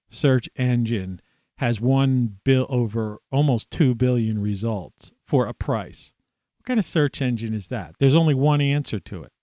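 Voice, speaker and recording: A man hosting a solo talk show, hoarse today, rambling with many fillers and restarts. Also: on the low side, darkish tone, dry recording, studio quality. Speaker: podcast host. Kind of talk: solo monologue.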